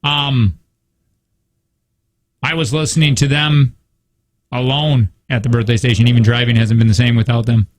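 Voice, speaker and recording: A man's voice: medium pitch, fairly even intonation, moderate pace, long pauses. A man co-hosting a radio show in a studio, chatting playfully and reading listener comments aloud. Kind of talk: casual radio banter.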